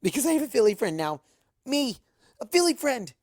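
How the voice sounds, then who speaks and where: A man voicing an excitable young female unicorn scholar in a fanfic audiobook reading, gushing and bouncy. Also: high-pitched, moderate pace, gravelly, dry recording, clean studio sound, pitched above the performer's own voice. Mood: giddy.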